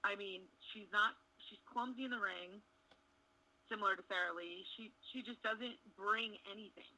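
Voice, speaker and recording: A woman's voice: mid-range voice, moderate pace, pushed and bright, poor audio. A young woman chatting frankly and bluntly as an interview guest. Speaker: interview guest, wrestling contestant. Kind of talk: casual interview chat.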